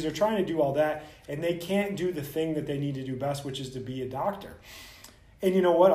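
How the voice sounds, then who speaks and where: A man hosting a vlog, ranting bluntly and profanely straight to the camera as a soft tissue clinician. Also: on the high side, roomy sound.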